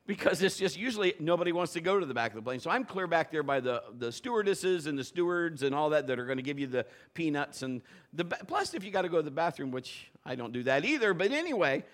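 A man's voice: a little high, sing-song, fast talker. A middle-aged man, a pastor, telling a funny story in a sermon and acting out the voices, laughing often.

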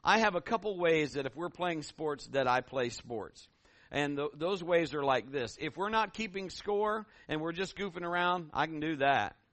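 A middle-aged man, a pastor, preaching a sermon with animated, folksy stories. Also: fairly high pitch, moderate pace, no room sound.

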